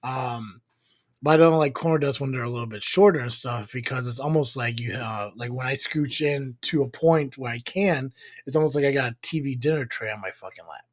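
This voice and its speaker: A man's voice: medium pitch, fairly quick, no room sound. Man, casual live podcast chat, rambling, swearing, filler-heavy, dry recording. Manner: rambling, profane, many fillers. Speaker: podcast co-host.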